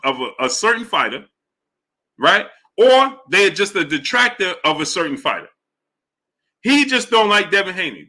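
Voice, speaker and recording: A man hosting a live boxing stream, arguing his point with repetition and greeting chat members in a lower voice. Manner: animated, argumentative, repeats points; drops low and soft for chat shout-outs. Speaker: boxing show host.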